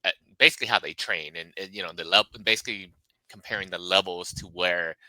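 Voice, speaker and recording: A very deep male voice with a bright, cutting edge, recorded dry and close. He is a podcast guest chatting casually in a relaxed, easygoing way. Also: fast, no echo, rough recording. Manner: relaxed, hesitant with fillers and restarts.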